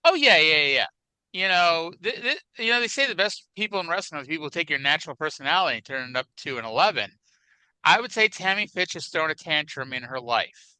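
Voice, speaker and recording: A man's voice: on the high side, animated, fast, pushed and bright, clear, resonant tone, no echo, low-quality recording. A man co-hosting a wrestling podcast in casual chat, wry and chatty with hedging asides, on a close mic. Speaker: podcast co-host.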